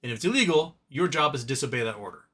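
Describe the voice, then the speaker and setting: A man with a bright, forceful voice hosts a casual livestream from home, reading out viewer comments. He rambles and restarts, trailing into loose opinionated asides. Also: medium pitch, lively intonation, racing. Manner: rambling, opinionated, drops to a mumble talking to his cat.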